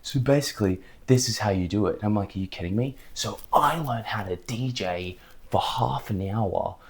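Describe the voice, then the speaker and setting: A man's voice: lowish voice, normal speed, slightly rough. A man vlogging, fired up and emphatic as he rambles through motivational talk and a story.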